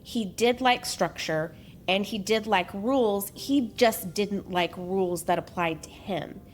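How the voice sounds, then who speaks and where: Woman, podcast host, casual true-crime storytelling, jokey asides, mid-pitched voice. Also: a little slow, slight background noise. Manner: chatty, with joking asides.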